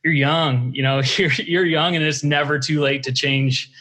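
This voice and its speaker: A man's voice: on the high side, fairly even intonation, moderate pace, bright, forceful tone. Conversational male podcast co-host. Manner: admiring, conversational. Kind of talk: casual interview chat.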